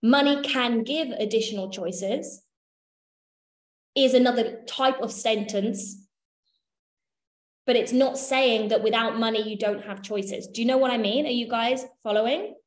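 A woman's voice: fairly high pitch, measured pace. A woman leading a workshop, teaching in a casual, chatty way, swearing offhand and checking that her listeners follow. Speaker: workshop leader. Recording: echoey room.

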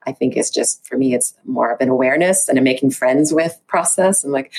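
A woman's voice: a bass voice, brisk, creaky, few pauses, darkish tone. A woman researcher, a podcast guest, speaking candidly and reflectively, acting out her own inner dialogue. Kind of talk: candid conversational interview.

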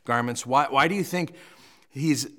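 A male pastor preaching a sermon, animated and joking as he retells a scripture story, with frequent restarts. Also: mid-range voice, measured pace.

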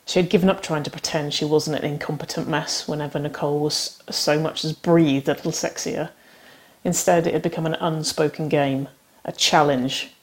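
Low-voiced woman reading fiction aloud. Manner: reads character lines with light acted shifts. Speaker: narrator. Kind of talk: audiobook-style fiction reading.

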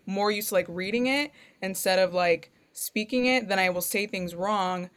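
A woman's voice: mid-range voice, moderate pace. A woman whose first language is Spanish, interviewing a guest with loose, hesitant questions full of "like". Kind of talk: casual interview.

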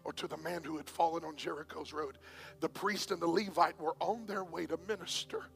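A man preaching a sermon as pastor, swinging between hushed whispers and shouts, with faint music behind. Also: fairly high pitch, steady tone, a little fast, vocal fry. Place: church.

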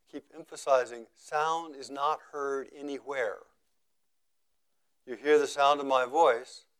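A male meditation teacher speaking in a contemplative, unhurried way. He repeats phrases for emphasis, and his voice often sinks to near quiet at the end of a thought. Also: mid-range voice. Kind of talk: contemplative dharma talk.

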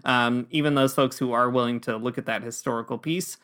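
A man's voice: mid-range voice, steady tone, brisk, a bit bright, clear, resonant tone. A man co-hosting a podcast, talking through ideas thoughtfully and hedging with fillers. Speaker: podcast co-host. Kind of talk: casual discussion.

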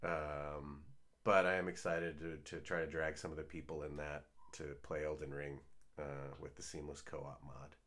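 A man co-hosting a casual podcast, joking and sarcastic, often trailing off quietly. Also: a bass voice, flat delivery, normal speed. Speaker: co-host.

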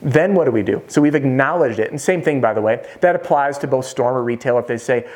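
A man's voice: medium pitch, fast talker, darkish tone. A man coaching roofing salespeople in a casual, direct way, talking straight to the viewer. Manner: direct and conversational, addressing the viewer as "you". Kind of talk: casual instructional talk to camera.

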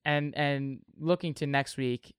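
A man's voice: mid-range voice, steady tone, measured pace, smooth, no room sound, studio quality. A young man co-hosting a casual sports betting chat, steering topics and reading out scores and odds. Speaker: sports podcast co-host.

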